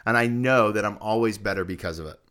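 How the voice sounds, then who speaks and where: A man's voice: quick pace, smooth. Emphatic man preaching a practical sermon. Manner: emphatic, repeats key phrases, energetic swings in pitch and volume. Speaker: pastor.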